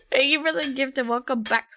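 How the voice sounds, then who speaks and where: Giggly unhurried woman streamer. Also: high-pitched, fairly bright tone, slight background noise. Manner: giggly, rambling, chatting to viewers. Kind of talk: casual livestream chat.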